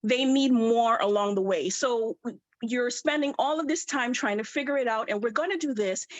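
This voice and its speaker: A woman's voice: a little high, moderate pace, dry recording, poor audio. A woman giving a public comment as a parent at a video-call hearing, out of breath, impassioned and frustrated.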